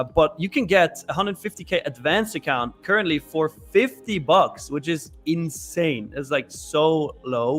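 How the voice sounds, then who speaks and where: A man co-hosting a live trading show, chatting casually in an upbeat, joking way and pitching a sale. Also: fairly bright tone. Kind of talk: casual chat.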